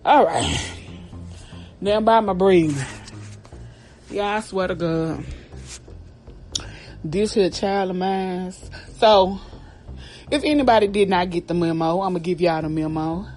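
A woman hosting a comedy podcast, telling a family story in a profane, slangy, animated way while out of breath. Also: fairly low pitch, slow pace, long pauses, soft background music. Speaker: podcast host. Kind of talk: comic storytelling.

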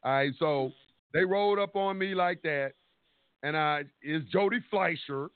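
A man's voice: a little high, a little slow, smooth, no room sound. A man calling in to a radio talk show, telling a long story with energy, acting out what each person said and swearing casually. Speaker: caller. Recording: tinny phone line, dry.

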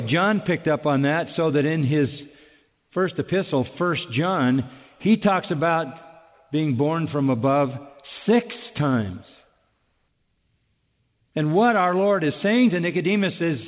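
A man's voice: a little high, big-room sound, narrow, tinny audio. A man preaching a sermon emphatically, repeating key phrases and asking rhetorical questions.

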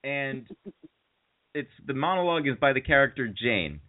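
A man's voice: mid-range voice, animated, unhurried. A man hosting a comedy show with a theatrical, campy delivery. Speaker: host. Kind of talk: casual comedy chat. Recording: phone-like narrow sound.

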